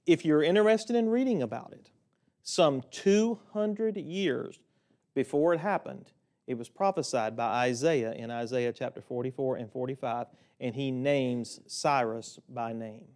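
A man's voice: mid-range voice, unhurried, a little mellow. A man giving a conversational sermon, teaching a Bible passage with casual asides. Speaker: preacher.

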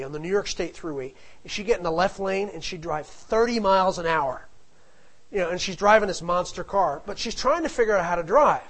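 A man's voice: high-pitched, a bit bright, poor audio. A middle-aged man telling a family anecdote in a casual, rambling way, full of asides. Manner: rambling, digressive, with frequent asides. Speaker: storyteller.

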